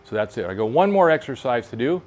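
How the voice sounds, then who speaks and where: Casting note: older man in his sixties, plain-spoken coach talking through exercises as he demonstrates them, mid-pitched voice. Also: big pitch swings, fast talker, a little mellow. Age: 60s. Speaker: fitness instructor for fly fishers. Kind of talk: casual instructional demo. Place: outdoor covered veranda in a park.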